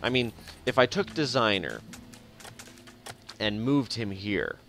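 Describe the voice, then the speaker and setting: A man with a fairly low voice streams a strategy game and talks through it in an easy, rambling way. He chuckles often and mutters to himself between moves. Faint game music plays behind him. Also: very animated, takes it slowly, gravelly, a bit bright. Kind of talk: casual live gameplay commentary.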